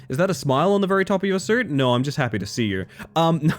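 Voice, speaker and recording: Man, live streamer, casual chat with viewers, jumpy expressive voice, high giggly bursts. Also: fast, few pauses, soft background music. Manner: animated, swings into high squeals and laughs; chatty, thanks viewers warmly.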